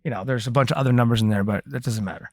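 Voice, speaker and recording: A man co-hosting a real estate market update, joking around and reading figures slowly. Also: medium pitch. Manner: joking, reads figures slowly and rounds them off. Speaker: co-host reading market statistics. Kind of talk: casual podcast chat.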